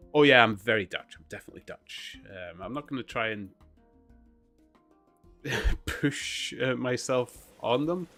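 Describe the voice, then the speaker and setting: A man chatting casually while streaming a game, rambling through laid-back stories with plenty of filler. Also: mid-range voice. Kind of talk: casual chat while gaming.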